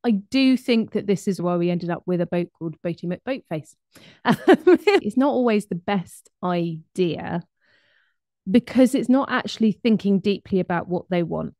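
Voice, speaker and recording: A woman giving a lively, conversational presentation on behaviour with frequent asides to her audience. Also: medium pitch, moderate pace, no room sound, clean studio sound. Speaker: speaker on behaviour.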